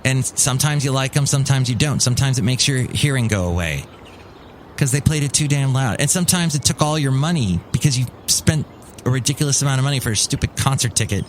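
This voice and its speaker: A man's voice: medium pitch, fast, slight background noise. Rambling, cranky male podcast host. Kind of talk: casual monologue.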